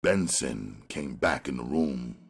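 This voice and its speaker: Guy reading a crime audiobook, lively up and down delivery, gravelly. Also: very deep voice, takes it slowly. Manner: expressive storytelling. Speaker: audiobook narrator. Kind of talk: audiobook narration.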